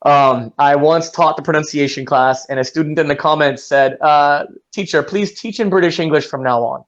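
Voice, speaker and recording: Californian male English teacher, upbeat and chatty, slightly high, lo-fi call audio. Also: normal speed, hardly any pauses. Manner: lively storytelling with playful asides. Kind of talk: casual interview chat.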